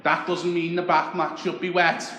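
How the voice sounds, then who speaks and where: A man putting on his fussy, morbid mother in her sixties, speaking slowly and primly. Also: on the low side, little pitch movement, a bit bright, voice pushed up, lightly acted. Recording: roomy club with audience noise.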